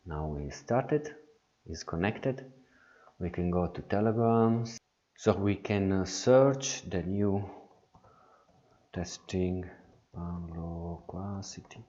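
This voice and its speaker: Slow, deep-voiced man with many fillers. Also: mellow, muffled recording. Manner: hesitant, many fillers and restarts. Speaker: software tutorial presenter. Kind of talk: screen-recorded software walkthrough.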